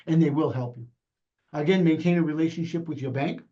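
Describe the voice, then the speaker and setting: Fast-talking man on a dull call line. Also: fairly high pitch, warm tone. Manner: fast-talking, plainspoken, with many fillers. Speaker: sheriff's department presenter. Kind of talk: informal presentation on a video call. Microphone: video call.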